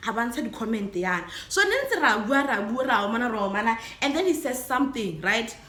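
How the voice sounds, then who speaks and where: A woman's voice: on the high side, expressive, quick pace, a bit bright. A young woman from Botswana, speaking English with a Botswana accent, tells a storytime vlog. She switches between English and Setswana and laughs often. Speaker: vlogger. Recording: echoey room.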